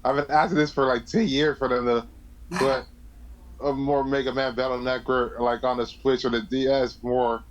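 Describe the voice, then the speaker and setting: A man's voice: mid-range voice, flat delivery, normal speed, dull audio. A man co-hosting a casual podcast, talking bluntly and swearing as he rants like a fan. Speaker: podcast co-host. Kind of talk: casual chat.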